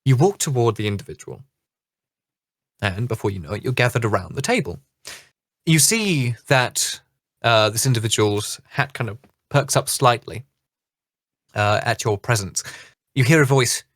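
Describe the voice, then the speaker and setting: A man's voice: medium pitch, expressive, normal speed, pauses often, a bit bright, no echo, clean studio sound. A man narrating a tabletop game as dungeon master in a loose, chatty way with fillers.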